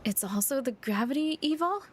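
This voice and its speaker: A woman's voice: sits high, expressive, normal speed, slight background noise. A young woman streamer reading a story game aloud and chatting casually with viewers. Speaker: VTuber streamer.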